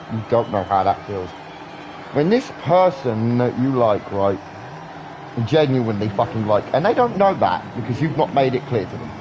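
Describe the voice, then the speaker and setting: A man's voice: medium pitch, noisy background. A British man in his thirties rambling earnestly in a casual live-stream chat, swearing often. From Britain.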